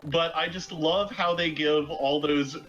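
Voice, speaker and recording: Chatty male commentator, bright tone, a bit higher pitch. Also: steady tone, measured pace, lo-fi sound, soft background music. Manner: chatty, explanatory. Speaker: speedrun commentator. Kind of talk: casual commentary.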